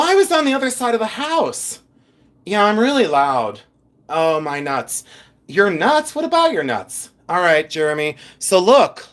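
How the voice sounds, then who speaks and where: A man's voice: high voice, a bit bright. A chatty man hosting a live jewelry stream from his second house, reading viewer comments aloud and teasing people with lots of giggles.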